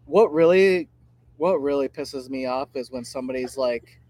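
A man's voice: mid-range voice, moderate pace, darkish tone, no echo. A man co-hosting a podcast, ranting bluntly and casually with plenty of swearing. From Michigan. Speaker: podcast co-host.

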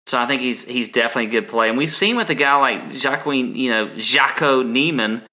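Man, podcast co-host, casual, rambling, bright voice, middle pitch. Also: fast. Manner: rambling, frequent ums and restarts.

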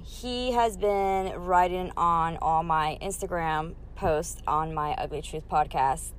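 A woman in her thirties hosting a solo podcast, telling stories in a blunt, profane, animated way and quoting other people. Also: lowish voice, slight background noise. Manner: blunt, profane, animated retelling with quoted voices. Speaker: podcast host. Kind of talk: casual solo podcast storytelling.

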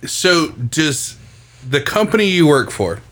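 A man's voice: on the high side, big pitch swings, slow pace, a bit bright, a little hiss or hum. A man co-hosting a podcast, making joking, teasing interjections. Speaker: podcast co-host. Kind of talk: casual banter.

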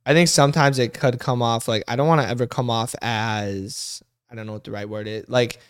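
A man's voice: medium pitch, fairly even intonation, a little fast, clear, resonant tone, dry recording, studio quality. A young man in his twenties co-hosting a couple's podcast, speaking earnestly in a rambling, casual way. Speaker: podcast co-host.

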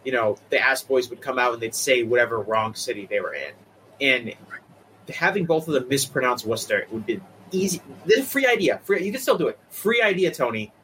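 A man from the Boston area with a Boston accent, co-hosting a casual wrestling chat and getting animated as he repeats words. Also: mid-range voice, brisk, a little hiss or hum, low-quality recording. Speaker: co-host.

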